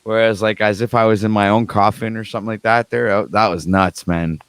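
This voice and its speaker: A man telling a story in casual chat on a video call, acting out the dialogue with lively energy. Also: on the low side, brisk, smooth, no room sound. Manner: animated storytelling, acts out dialogue.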